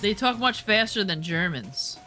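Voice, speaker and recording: A woman's voice: mid-range voice, expressive, a little slow, pushed and bright, soft background music. A woman in casual chat, reacting to a show, rambling with lots of "like" and restarts.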